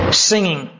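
A man preaching a sermon, telling stories and building to animated emphasis as he makes his points. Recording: slightly dull lo-fi sound with faint noise.

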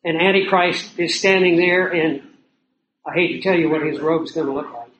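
A slightly high, fairly bright male voice at normal speed preaches in a conversational style, asking rhetorical questions. The audio is dull, with a roomy echo and faint noise, from what seems like the outdoors or a lodge near hills and prairie.

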